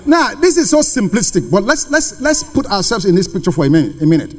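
High-voiced preacher in an echoing hall. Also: male voice, sing-song, fast talker. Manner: emphatic, fires rhetorical questions at the congregation. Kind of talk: sermon. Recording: long reverb of a large hall.

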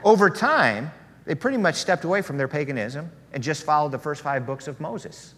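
Animated male preacher in a reverberant hall. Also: on the high side, moderate pace. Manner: conversational, animated storytelling. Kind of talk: sermon.

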